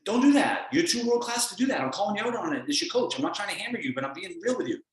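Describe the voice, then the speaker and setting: A man's voice: sits high, sing-song, very fast, heavy reverb, far from the mic, rough recording. A man giving a blunt, emphatic motivational talk as a performance coach on a call.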